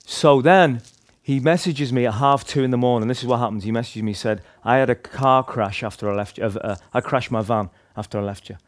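A Northern Irish man recounts a personal story to a gathered group, his voice sitting at an ordinary middle pitch. He talks casually and rambles, circling back with restarts and filler words as he goes. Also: brisk. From Northern Ireland. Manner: chatty, rambling, lots of restarts and "like". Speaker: speaker sharing a testimony.

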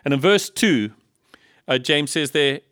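A man from Africa, preaching a sermon in a lively style full of rhetorical questions and humorous asides. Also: on the high side, a little slow, no room sound, clean studio sound. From South Africa. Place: church in Liverpool.

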